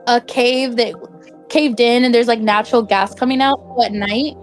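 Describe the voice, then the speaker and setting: A woman's voice: a little high, steady tone, normal speed, faint music behind. A young woman casually telling a personal story, chatty and full of "like" fillers. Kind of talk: casual spoken anecdote.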